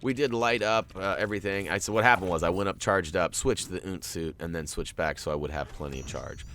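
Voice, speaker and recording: A man's voice: low voice, a little fast, fairly bright tone, a little hiss or hum. A man hosting a video game walkthrough, chatting casually and joking with viewers. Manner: jokey, chatty, talks to viewers. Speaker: gaming walkthrough host.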